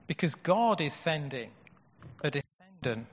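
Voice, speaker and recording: A man's voice: on the high side, sing-song, measured pace, slightly rough. A man preaching a sermon in an earnest way, asking rhetorical questions. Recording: dull echoey hall.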